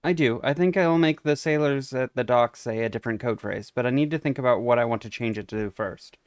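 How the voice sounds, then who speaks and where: A man's voice: medium pitch, fairly quick, clear, resonant tone, dry recording, clean studio sound. Chatty man doing let's-play commentary. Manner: casual and chatty, with wry asides. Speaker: game streamer.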